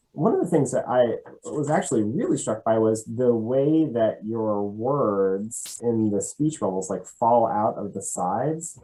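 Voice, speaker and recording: A man's voice: medium pitch, darkish tone, low-quality recording. A man hosting a casual interview over a video call, friendly and stammering on his restarts. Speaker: interviewer and host.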